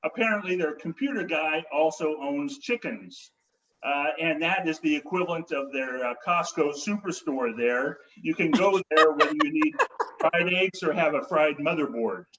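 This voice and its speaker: Man, stand-up comedy host, wry halting delivery, a bit high-pitched, dull lo-fi video call sound. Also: noisy background.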